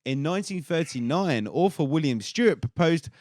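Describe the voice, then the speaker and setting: A male podcast co-host with a high, very animated voice. He rattles through facts with crude, jokey asides, recorded dry and close. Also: normal speed, dry recording. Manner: swearing, jokey storytelling. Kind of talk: casual chat.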